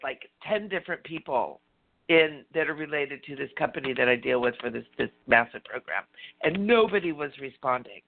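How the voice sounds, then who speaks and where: Woman, talk radio co-host, chatty storyteller, gravelly voice, tinny phone-line sound. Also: low-pitched. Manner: chatty, animated, laughs often. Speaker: radio show co-host, energy healer. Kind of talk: casual storytelling chat. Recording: phone-line call-in audio.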